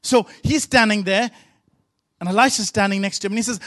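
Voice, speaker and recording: A man's voice: sits high, brisk, a bit bright, no echo. A man pastor preaching a sermon with emphatic, repetitive rhythmic phrasing.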